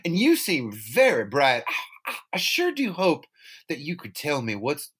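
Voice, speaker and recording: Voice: medium pitch, wildly swooping pitch, unhurried, fairly bright tone, breathy edge, exaggerated voice. A podcaster putting on a drawling country bumpkin. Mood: wheedling. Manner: drawling mock-humble folksy patter. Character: boastful smelly country-boy giant-killer, young man.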